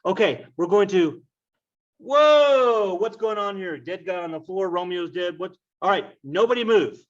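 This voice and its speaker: A man voicing a flustered, shouting friar in a higher, strained voice. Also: moderate pace. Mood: alarmed. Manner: shouting, panicky. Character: flustered middle-aged friar. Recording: dull lo-fi recording.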